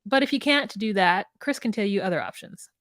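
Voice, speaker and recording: A woman's voice: medium pitch, animated, fairly quick, fairly bright tone, dry recording, studio quality. A woman co-hosting a podcast in casual chat, laughing often and rambling through her thoughts with many restarts. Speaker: podcast co-host. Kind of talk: casual chat recapping a reality show.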